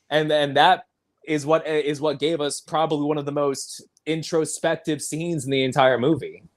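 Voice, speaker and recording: A man hosting a casual film discussion podcast, eagerly recapping scenes and often laughing. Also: mid-range voice. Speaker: podcast host.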